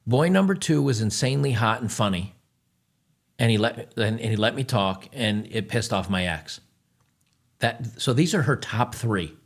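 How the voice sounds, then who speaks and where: A man's voice: medium pitch, animated, normal speed. A man hosting a reaction commentary, scornful and lecturing, repeating his points. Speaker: commentary host.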